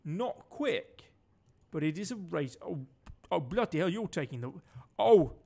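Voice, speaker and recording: A man's voice: fairly high pitch, lively intonation, measured pace, vocal fry, dark tone. A man from Denmark giving chatty, sweary commentary while streaming a game and barking orders at his crew. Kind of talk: casual gameplay commentary.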